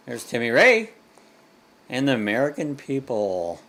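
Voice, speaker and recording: A man's voice: medium pitch, lively intonation, moderate pace, gravelly. An older man from Ohio, hosting a casual live stream and joking easily while he plays a farming game. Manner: easygoing, jokey, talks over gameplay. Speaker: host.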